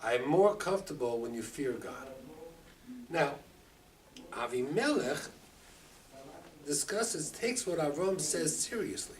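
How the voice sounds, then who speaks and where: A rabbi teaching a Torah class, lively and expressive, acting out the quotes and mixing in Hebrew terms. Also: male voice, fairly high pitch, takes it slowly, pauses often. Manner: animated, acts out quotes, mixes Hebrew terms. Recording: distant mic with faint room ambience.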